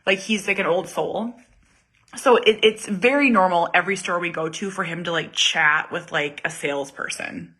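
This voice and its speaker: Chatty bright-voiced mother laughing easily. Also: fairly low pitch, normal speed, husky. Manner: chatty, self-deprecating, laughs often. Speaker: vlog host and mother. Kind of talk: casual chat to viewers.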